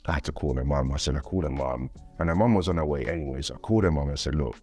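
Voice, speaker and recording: A man's voice: very deep voice, very fast, faint music behind. A man talking casually as an interview guest, rambling and repeating words. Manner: rambling, repeats words, animated when quoting others. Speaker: guest father.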